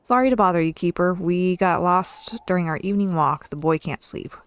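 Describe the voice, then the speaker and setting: Woman reading a brisk, apologetic mother for a horror game, a bit low. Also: no echo, close to an everyday voice. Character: polite mother out walking at night with boy. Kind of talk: reading game dialogue aloud.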